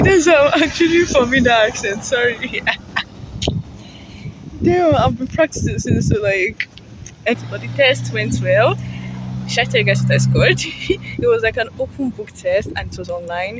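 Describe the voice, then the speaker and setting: A woman's voice: fairly high pitch, lively intonation, normal speed. A young woman vlogging to her phone outdoors on a busy street, chatty and rambling and laughing often. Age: young adult. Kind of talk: casual vlog talk to camera. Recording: loud traffic noise outdoors.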